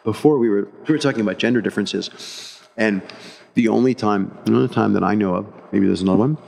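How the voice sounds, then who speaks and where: A man's voice: on the low side, fast talker, creaky, a little mellow. A man co-hosting a casual chat, telling rambling stories with many restarts and acted-out quotes.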